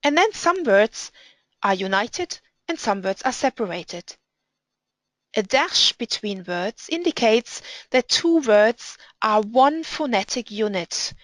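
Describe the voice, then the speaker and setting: A woman with a higher, somewhat bright voice and lively intonation explains Hebrew pronunciation, reading examples aloud slowly. She sounds patient and deliberate, and the recording is dry and rough, with no echo.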